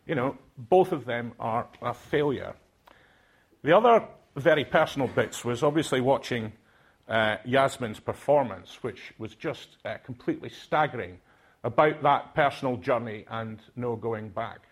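Older Scottish man, husky, mid-pitched, hesitant conference speaker. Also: unhurried. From Aberdeen, Scotland. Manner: hesitant, many filler sounds and restarts. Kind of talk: reflective speech to a conference audience.

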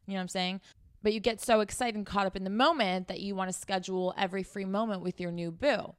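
A woman's voice: mid-range voice, fairly even intonation, fast, clear, resonant tone, no room sound. Woman podcast host, blunt and profane, scolding monologue, dry close sound. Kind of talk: blunt dating advice monologue.

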